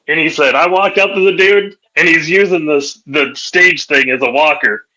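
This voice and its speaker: Bright animated man telling a story. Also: moderate pace, rough recording. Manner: animated storyteller, jumps high for quoted voices. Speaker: podcast host. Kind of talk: casual chat, retelling a comedy skit.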